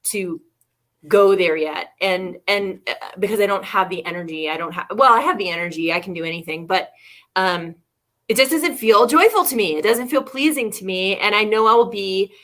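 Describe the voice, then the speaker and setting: Female co-host, bright-voiced leadership coach, open and reflective. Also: mid-range voice, normal speed. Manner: reflective, laughs often, many restarts. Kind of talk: candid casual conversation.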